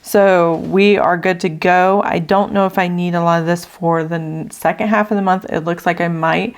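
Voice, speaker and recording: A woman's voice: lowish voice, fairly even intonation, normal speed, clear, resonant tone. Woman talking through her budget math. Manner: thinks aloud while adding numbers, with fillers. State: out of breath from allergies. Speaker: budgeting channel host. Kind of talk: casual budget walkthrough.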